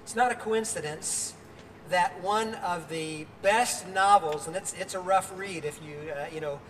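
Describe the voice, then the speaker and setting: A man's voice: sits high, a little slow, fairly bright tone, big-room sound, recorded from a distance, a little hiss or hum. An older man preaching a sermon outdoors as pastor, earnest, with fillers and restarts.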